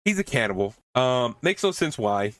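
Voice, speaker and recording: A man's voice: medium pitch, big pitch swings, moderate pace, no room sound. Man, podcast host, casual movie recap, rambling, swears a lot, dry close sound. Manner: rambling, profane and laughing.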